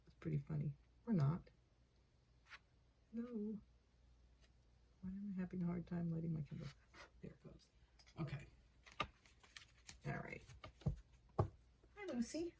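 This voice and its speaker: A woman giving a casual tarot card reading, thinking aloud, repeating herself and getting excited over the cards. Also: on the low side, measured pace, vocal fry, long pauses, a little hiss or hum. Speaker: tarot reader.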